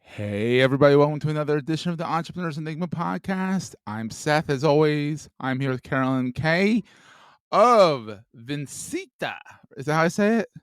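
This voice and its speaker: A man's voice: on the high side, animated, clean tone, dry recording. A man hosting a podcast interview, joking and easygoing as he chats with a guest. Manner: joking, easygoing, quick to laugh. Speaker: podcast host. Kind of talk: casual interview chat.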